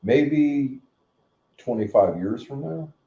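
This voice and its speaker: A man's voice: mid-range voice, lively intonation, slow pace, warm tone, lo-fi sound. A middle-aged man hosting a channel, ranting in a blunt, profane, rambling way. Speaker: channel host. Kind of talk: casual rant. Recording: echoey room.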